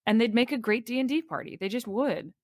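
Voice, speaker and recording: A woman's voice: fairly high pitch, animated, fairly quick, a little mellow, dry recording, studio quality. A woman guest on a podcast, talking enthusiastically in casual chat, rambling with many fillers.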